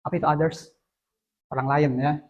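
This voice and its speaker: Indonesian lecturer quizzing a class. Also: male voice, fairly high pitch, little pitch movement, brisk, dull audio. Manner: questions students one by one, mixing Indonesian and English. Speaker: university English lecturer. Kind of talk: classroom teaching.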